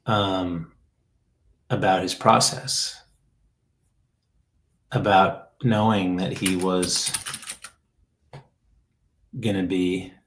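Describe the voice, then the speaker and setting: A man's voice: sits low, fairly even intonation, drawn-out words, long pauses, a bit bright, slight background noise, low-quality recording. A man hosting a casual chat show, talking in a rambling, heartfelt way that trails off and restarts often.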